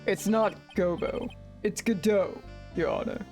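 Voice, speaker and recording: A woman voicing an arrogant masked male prosecutor in a deep, slow, theatrical voice. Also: a little mellow, faint music behind, natural voice. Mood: smug.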